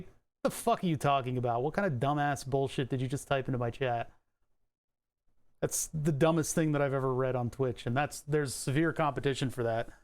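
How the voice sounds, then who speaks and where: Guy on a live stream at his desk, kinda high voice, swears a lot, rambles thru chip stuff. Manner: profane, rambling, explains electronics casually. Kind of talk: casual live-stream tech talk. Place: desk at home.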